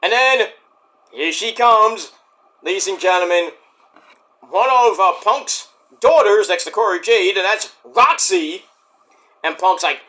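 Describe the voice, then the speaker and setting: A man recapping a wrestling show in a casual, rambling vlog, cracking crude jokes and doing quick impressions. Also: high voice, expressive, bright, forceful tone.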